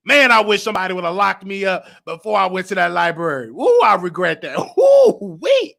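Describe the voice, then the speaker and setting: A fired-up male talk show host whose very high voice has a gravelly edge. He rants in an animated way, sometimes shouting and sometimes close to tears. His tone is bright and tense. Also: normal speed. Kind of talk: emotional live talk-show rant.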